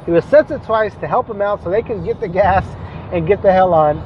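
A young man with a high voice rants through a casual vlog story, animated and exasperated, swearing freely. The sound is dull and lo-fi, with faint outdoor traffic behind him. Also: a little fast. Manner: animated, profane, exasperated ranting.

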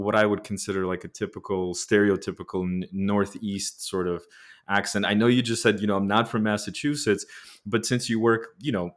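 A man born in the Soviet Union, hosting a podcast interview, speaking with frequent restarts and fillers. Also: on the low side. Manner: hesitant, many restarts and fillers. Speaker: podcast host.

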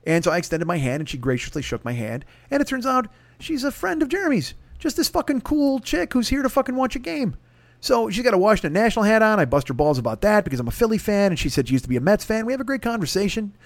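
A man's voice: sits high, sing-song, fast talker, no echo. A man hosting a podcast, telling a rambling, profane comic story. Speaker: podcast host. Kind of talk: comedic storytelling.

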